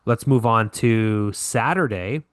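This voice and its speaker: A man's voice: mid-range voice, slow pace, clear, resonant tone, no echo, studio quality. A man co-hosting a podcast, recapping hockey scores in a casual way and correcting himself with lots of fillers. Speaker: podcast co-host.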